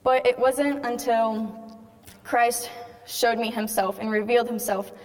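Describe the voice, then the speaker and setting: Teen girl, fairly high voice, chatty testimony talk, long hall echo. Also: steady tone, a little slow. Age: teens. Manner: chatty storytelling, acts out quoted dialogue. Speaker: speaker giving a faith testimony. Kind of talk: personal testimony talk to an audience.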